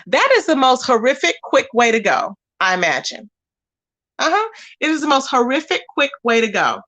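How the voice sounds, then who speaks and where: Young woman streamer, sassy and animated, high bright voice, swings up and down a lot. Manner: sassy, animated, quick to laugh. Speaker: livestream host reading chat. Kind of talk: casual livestream chat.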